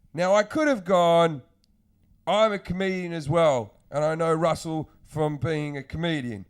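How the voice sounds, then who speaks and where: A comedian man spins a crude, rambling story in casual podcast chat. His voice sits a little higher than most men's. He acts out each quoted line as he goes. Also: unhurried, clean tone. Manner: crude, rambling anecdotes with mimicked quotes and laughs.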